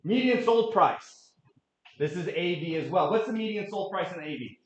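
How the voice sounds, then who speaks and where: High-pitched man, energetic trainer, echoey meeting room, dull lo-fi sound. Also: moderate pace. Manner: energetic, quizzes the audience, jokes. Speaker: real estate trainer presenting a market update. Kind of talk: interactive office presentation.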